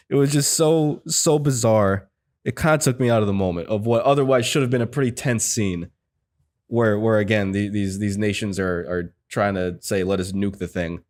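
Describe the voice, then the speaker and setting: A man's voice: lowish voice, moderate pace, darkish tone. A man hosting a casual film podcast, talking in a rambling way with lots of fillers and restarts. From United States. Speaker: podcast host.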